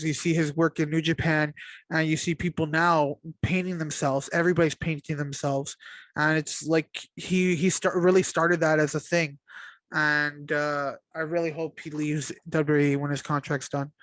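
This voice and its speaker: A man's voice: a little high, level tone, moderate pace, fairly bright tone, no room sound. A man co-hosting a casual podcast, blunt and exasperated, swearing often. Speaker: podcast co-host. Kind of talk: casual wrestling chat.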